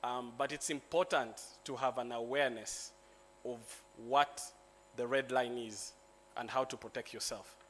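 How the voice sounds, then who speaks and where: A Ugandan man, a lawyer, giving a joking, relaxed talk at a conference. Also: medium pitch, unhurried, slight background noise. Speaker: lawyer and speaker. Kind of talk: symposium presentation. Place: conference hall.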